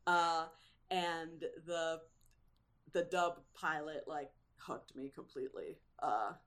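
A woman chatting as a guest in a casual interview, animated and quick to laugh, with lots of fillers. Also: sits low.

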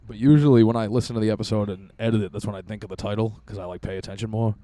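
A man's voice: on the low side, steady tone, very fast, dark tone. A young man hosting a casual podcast, joking crudely in a laid-back way. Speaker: podcast host.

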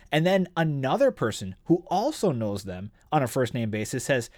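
A man's voice: mid-range voice, big pitch swings, normal speed, hardly any pauses, darkish tone, dry recording, clean studio sound. A man co-hosting a casual book podcast, reading passages aloud and retelling characters' lines with animation. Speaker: podcast co-host discussing a book.

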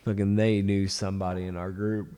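Low-voiced laid-back cursing man. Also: flat delivery, a little fast, dark tone, smooth. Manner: laid-back, swears a lot, teasing. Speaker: podcast co-host. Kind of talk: casual chat.

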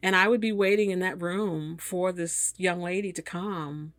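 A woman's voice: lowish voice, steady tone, measured pace, a bit bright, no echo, studio quality. A woman in her fifties, an engineer and guest, telling a story with animation and acting out the voices of the people in it. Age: 50s. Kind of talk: storytelling in a conversation.

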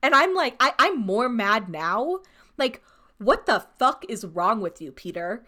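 Young woman ranting, higher voice. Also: big pitch swings, unhurried, bright, forceful tone. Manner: heated, profane ranting with frequent laughs. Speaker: podcast co-host. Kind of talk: casual chat.

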